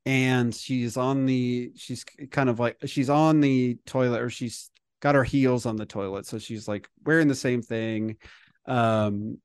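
A man in a podcast chat, retelling a film scene by scene with plenty of "um" and "like" and quick acted-out lines. His voice sits at an ordinary middle pitch. The sound is dry and close, with no room around it. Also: fairly even intonation, clean tone, dry recording. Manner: rambling, filler-heavy retelling with acted-out quotes. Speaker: podcast co-host. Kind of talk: casual movie recap chat.

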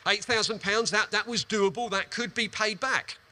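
A man delivers a sermon in a high, ringing voice with a bright, cutting edge. He retells a parable with animated emphasis, often doubling his words as he drives a point home. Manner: animated storytelling, quick emphatic repetitions. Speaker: preacher.

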